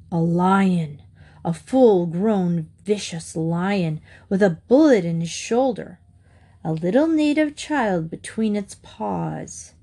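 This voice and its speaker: A woman narrating a children's storybook aloud in a clear, steady storytelling manner. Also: mid-range voice.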